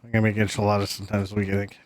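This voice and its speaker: A man's voice: lowish voice, monotone, racing, dry recording, studio quality. A man chatting casually as a co-commentator, bantering playfully. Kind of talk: casual chat.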